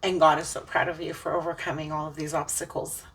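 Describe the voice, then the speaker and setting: A woman's voice: deep voice, level tone, quick pace, a bit bright, distant mic. A woman giving an earnest, emotional spiritual tarot reading, preaching about faith as she turns the cards. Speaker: tarot reader.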